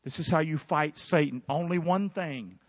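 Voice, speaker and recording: A man preaching a sermon, calling on his congregation to answer back and bursting out loudly before drawing words out for emphasis. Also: a little high, dry recording, dull audio. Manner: preaching with sudden loud bursts and drawn-out emphasis. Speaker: pastor. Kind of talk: fiery sermon with call-and-response.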